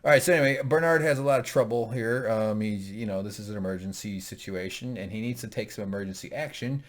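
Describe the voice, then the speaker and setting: Male co-host with a lowish voice who rambles and jokes through a casual recap. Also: quick pace. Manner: joking, rambling asides.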